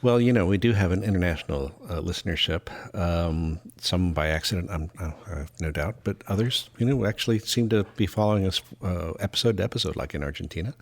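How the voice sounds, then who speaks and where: A man's voice: low voice, quick pace, few pauses. A middle-aged man co-hosting a podcast, chatting casually, rambling through stories and chuckling often. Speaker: podcast co-host, voice actor. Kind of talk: casual chat.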